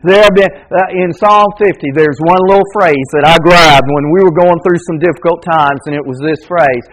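A middle-aged male pastor preaching a sermon, swinging between loud emphatic calls and quiet intimate asides. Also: on the high side, fairly quick, few pauses, poor audio.

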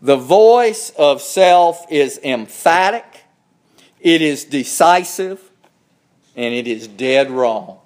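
A man preaching a sermon, slow and emphatic, climbing higher when he presses a point. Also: expressive.

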